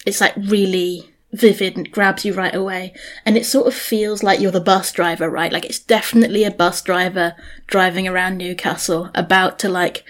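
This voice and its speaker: A woman's voice: lowish voice, flat delivery, moderate pace. Chatty British woman co-hosting a podcast. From United Kingdom. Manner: chatty, laughs often, says "like" a lot. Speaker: podcast co-host. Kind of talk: casual chat.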